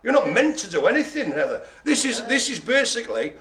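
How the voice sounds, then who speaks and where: A man's voice: extremely high pitch, sing-song, a little fast, fairly bright tone. A man hosting a live bingo game, joking and rambling in playful banter. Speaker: host.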